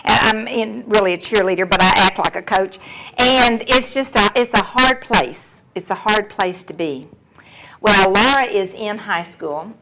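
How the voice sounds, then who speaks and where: A woman's voice: medium pitch, a bit bright, rough recording. A woman in her sixties sharing her personal story at a recovery meeting, candid and wry, laughing often as she talks. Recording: recording with clear background noise.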